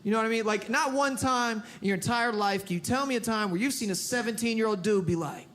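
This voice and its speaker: High-voiced young man doing stand-up. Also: quick pace. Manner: animated, exasperated storytelling with shouted bits. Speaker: stand-up comedian. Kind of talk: stand-up comedy. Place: comedy club stage. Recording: loud audience laughter and noise.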